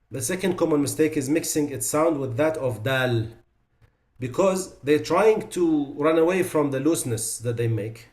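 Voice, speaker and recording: A man's voice: a little high, a little mellow. A man teaching a class on Quran recitation. He explains pronunciation mistakes, drawing out and repeating the sounds he models, with loose, conversational asides. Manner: explanatory, demonstrates pronunciations slowly and repeats them. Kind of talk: online class lecture.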